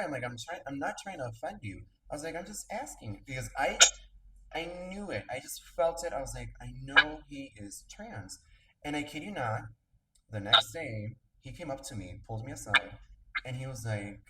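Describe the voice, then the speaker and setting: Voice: medium pitch, normal speed. A podcast host in casual interview chat, telling stories animatedly and acting out quotes. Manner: animated storytelling, acts out quotes. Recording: roomy, distant mic, noisy background.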